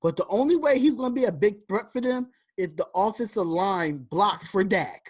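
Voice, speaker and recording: Husky, laughing sports podcast host. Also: female voice, medium pitch, lively intonation, normal speed, a little mellow. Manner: laughing, loose, talkative. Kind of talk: casual sports chat.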